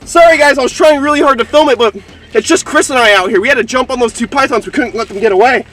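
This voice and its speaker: Excitable high-voiced man outdoors. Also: quick pace, soft background music. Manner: excitable, exclaiming. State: out of breath. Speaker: wildlife vlogger. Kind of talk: excited outdoor narration to camera. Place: outdoors by a levee road in a wetland. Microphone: handheld camera.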